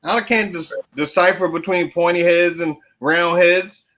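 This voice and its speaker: A man who owns a beard company guests on a podcast, chatting casually in a notably high voice and speaking a little slowly. He's a laid-back storyteller with a dry sense of humor and loose everyday grammar.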